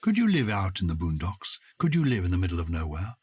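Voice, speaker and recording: A man with an English accent, co-hosting a podcast and talking with lively enthusiasm as he recommends books and introduces a poem. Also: sits low, fast talker, slightly rough. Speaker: podcast co-host. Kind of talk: casual chat.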